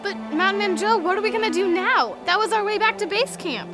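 A curious, excitable young girl in an audio drama, voiced by a woman. Her voice is very high and squeaky, and she is always asking something. Loud music sits under her lines. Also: a little fast. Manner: excitable, full of questions.

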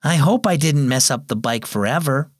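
A man's voice: mid-range voice, animated, moderate pace, no echo, studio quality, close to an everyday voice. A man voicing a young boy in a storybook reading who is impatient and sorry for breaking his bike, speaking earnestly and pleadingly.

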